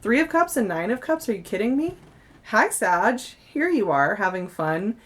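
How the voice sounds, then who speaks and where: A woman's voice: medium pitch, sing-song, normal speed. A young woman giving a casual monthly tarot reading, chatty and effusive, laughing often and a little tired. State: yawning, tired. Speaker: tarot reader.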